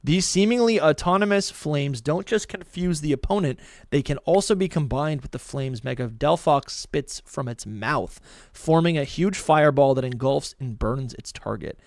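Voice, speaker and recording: A man co-hosting a podcast in casual chat, excitable, often stumbling and restarting, who also reads entries aloud. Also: on the high side, normal speed, dry recording, clean studio sound. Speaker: podcast co-host.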